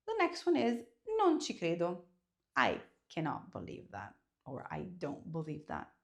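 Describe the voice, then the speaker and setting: A woman from Italy with an Italian accent, teaching an online language lesson in an expressive, emphatic way. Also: mid-range voice. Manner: expressive, emphatic, demonstrates intonation.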